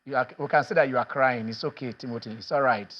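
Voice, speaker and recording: A Nigerian man hosting a sports phone-in show, excitable and repetitive, often trailing off mid-sentence. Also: medium pitch, fast, lo-fi sound. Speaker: sports talk show host. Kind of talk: animated phone-in sports talk.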